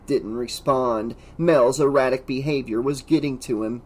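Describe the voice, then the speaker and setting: A man narrating a horror novel audiobook in a steady, measured way. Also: mid-range voice.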